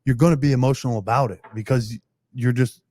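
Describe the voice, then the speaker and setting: A man's voice: medium pitch, fairly even intonation, quick pace, dark tone, no room sound, studio quality. A young man, a pro football player, telling stories as a podcast guest, rambling and laughing often, with casual cursing.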